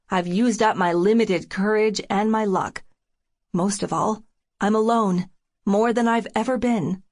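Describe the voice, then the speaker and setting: A woman narrating a romance audiobook in the first person, in a shaken, breathless inner monologue. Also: medium pitch.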